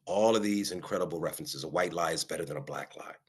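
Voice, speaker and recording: A man speaking as a guest, talking reflectively and measuredly, often pausing on "um" and checking in with "right?". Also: sits low, husky. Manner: measured, with frequent ums and rhetorical "right?". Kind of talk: reflective conversational talk.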